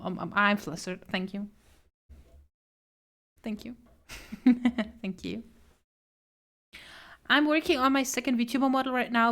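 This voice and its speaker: A woman's voice: fairly high pitch, fairly bright tone. A young woman art streamer chatting casually while she draws, laughing often, flustered and self-deprecating. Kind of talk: casual chat while drawing.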